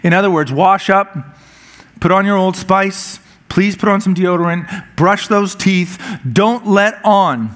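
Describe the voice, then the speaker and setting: A man's voice: sits high, fairly even intonation, measured pace, fairly bright tone. A male pastor preaching a conversational, humorous sermon. He often repeats a word as he restarts a phrase.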